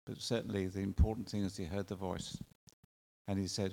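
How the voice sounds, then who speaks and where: A male preacher delivering a sermon in an earnest way, with drawn-out emphatic phrasing and rhetorical questions. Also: deep voice, little pitch movement, vocal fry, warm tone. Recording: long reverb of a large hall.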